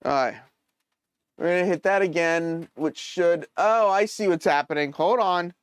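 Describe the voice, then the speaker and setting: A man hosting a casual live stream, thinking aloud as he troubleshoots and answers viewers' chat with hesitant, halting phrasing. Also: sits high, clean tone, no echo. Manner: hesitant, many fillers and restarts.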